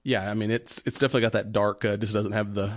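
A man co-hosts a casual podcast segment, talking in a loose, rambling way and often restarting his sentences. His voice sits low. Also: little pitch movement, quick pace, no room sound, studio quality. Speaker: podcast co-host. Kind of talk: casual chat reviewing beer.

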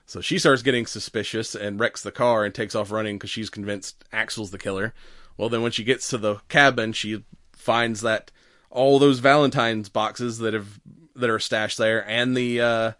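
A man chats loosely on a podcast, retelling a horror film and breaking into laughter as he acts out the characters' lines. His voice sits at an ordinary pitch, and the recording is dry and close with no room sound. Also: fairly even intonation, normal speed, a bit bright, no echo. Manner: laughs often, acts out quotes. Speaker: podcast co-host. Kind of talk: casual chat recapping a movie.

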